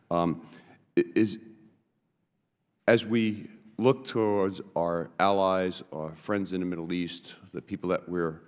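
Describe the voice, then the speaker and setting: A man from New York, a congressman, asking witnesses questions at a committee hearing, halting with many fillers. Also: low voice. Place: large hearing room. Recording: long hall reverb.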